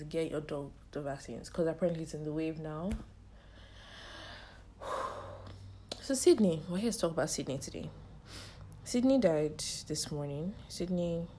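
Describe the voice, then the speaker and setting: Young female podcast host, choked up, halting delivery, warm low voice. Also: slight background noise. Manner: tearful, halting storytelling. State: choked up, strained voice. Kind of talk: personal monologue.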